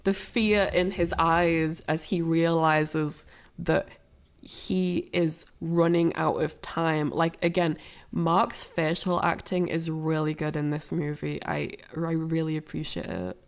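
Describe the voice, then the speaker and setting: A woman's voice: sits low, takes it slowly. A woman giving a casual, rambling film commentary, full of fillers and restarts. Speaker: streamer analysing a film.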